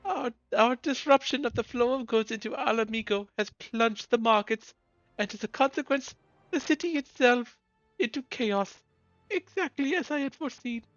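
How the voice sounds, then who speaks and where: A man's voice: extremely high pitch, moderate pace, fairly bright tone, no echo, dull audio, faint music behind, voice pushed up. A man voicing a pompous, posh male villain who poses as a leader of the poor, with grand speechifying delivery. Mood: grandiose. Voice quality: posh, haughty. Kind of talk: voicing game dialogue while streaming.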